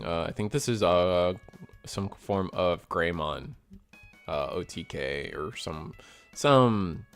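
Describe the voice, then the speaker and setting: Chatty low-voiced man calling card game. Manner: chatty, excitable, talks to chat. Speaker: store tournament host and commentator. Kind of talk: casual livestream play-by-play commentary.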